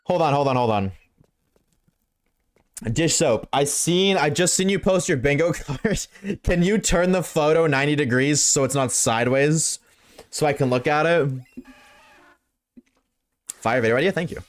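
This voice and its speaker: A young man streaming live, reading chat and reacting in a casual, slangy, excitable way, swearing freely. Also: a little high, normal speed, long pauses, faint music behind.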